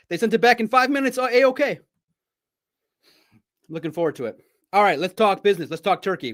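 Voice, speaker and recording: A man hosting a sports podcast, chatting casually and telling animated stories with frequent laughter. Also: on the high side. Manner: animated storyteller, laughs often, mimics shouting. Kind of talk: casual livestream chat.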